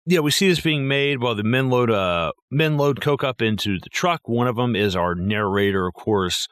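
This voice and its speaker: A man co-hosting a casual movie podcast, swearing freely and acting out quotes in an animated way. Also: medium pitch, normal speed, clear, resonant tone, no room sound. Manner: animated, profane, acts out quotes. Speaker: podcast co-host.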